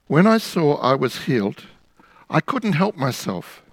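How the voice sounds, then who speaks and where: A man's voice: a little high, very animated, measured pace, dry recording, rough recording. A man voicing a former leper, now healed, who earnestly tells how he came back to give thanks. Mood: grateful.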